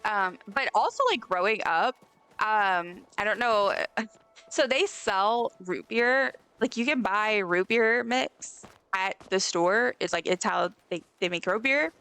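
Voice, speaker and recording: A woman's voice: medium pitch, takes it slowly, sharp tone, smooth, faint music behind. A young woman from the States, chatting casually and rambling with lots of fillers while she plays a game on a live stream. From Southern United States.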